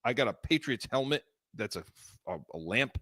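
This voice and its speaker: A middle-aged man co-hosting a casual podcast chat, telling a long story in a rambling, animated way with laughs and restarts. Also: medium pitch, normal speed, dry recording, clean studio sound. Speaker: podcast co-host.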